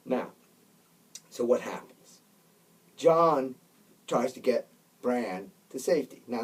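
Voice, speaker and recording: Husky man retelling a story emphatically. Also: mid-range voice, a little mellow, far from the mic, poor audio. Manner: emphatic, keeps checking in with "right?" and "okay?". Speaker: Catholic commentator. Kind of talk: casual storytelling commentary.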